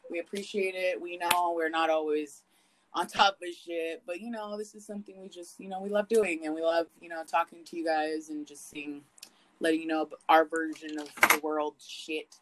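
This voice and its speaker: A woman co-hosting a podcast, telling stories in casual chat, swearing a lot and swinging her pitch up and down. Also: moderate pace, a little hiss or hum, poor audio. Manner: profane, animated storytelling with big swings in pitch. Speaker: podcast co-host.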